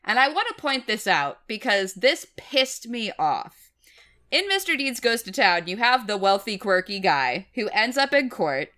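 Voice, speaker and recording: A woman's voice: a little high, pushed and bright. A woman in casual conversation reviewing a film, wry and opinionated, laughing easily.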